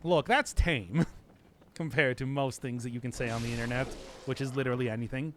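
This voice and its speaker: A man's voice: mid-range voice, fairly even intonation, brisk, a bit bright, a little hiss or hum. A man streaming a video game, chatting casually in a rambling, joking way and laughing often. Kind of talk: casual live-stream commentary.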